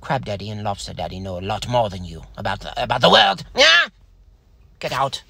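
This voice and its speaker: Man doing a pompous british atheist writer dad, bright raspy voice, keeps tripping over his words. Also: on the low side, sing-song, fairly quick, no echo, pitched below the performer's own voice, heavily acted. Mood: smug, pompous. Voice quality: stammering, self-important, gravelly. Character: smug pompous male atheist author and father, an impression. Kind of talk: comedic character voice on a stream.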